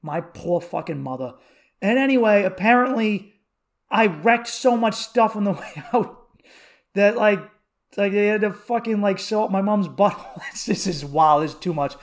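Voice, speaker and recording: Solo comedy podcast host, thirties, high-voiced man, swears a lot and rambles through stories. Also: moderate pace. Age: 30s. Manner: profane, rambling, animated storytelling.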